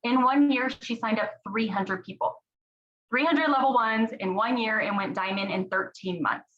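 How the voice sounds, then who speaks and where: A woman's voice: fairly high pitch, moderate pace, a bit bright. A woman in her thirties giving an earnest, chatty motivational talk to her team, often saying "you guys" and "y'all". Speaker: team leader sharing her story. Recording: dull lo-fi recording.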